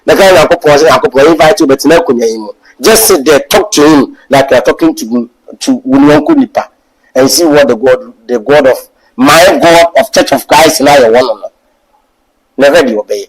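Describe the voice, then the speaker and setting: Animated Ghanaian man preaching. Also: normal speed, vocal fry, rough recording. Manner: animated, swings from loud exhortation to low asides. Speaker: Bible class preacher. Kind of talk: sermon mixing English and Twi.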